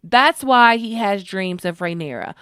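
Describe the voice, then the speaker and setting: Woman recapping her fave show, chatty and slangy, smooth clear voice, dry close sound. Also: medium pitch, measured pace, no echo. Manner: expressive, slangy, emotionally invested. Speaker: TV show reviewer. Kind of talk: casual episode recap.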